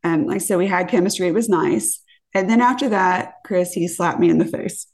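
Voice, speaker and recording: Gravelly woman telling a wild story. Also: lowish voice, fairly quick. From California. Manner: animated, acts out quotes, swears freely. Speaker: podcast guest. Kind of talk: casual storytelling.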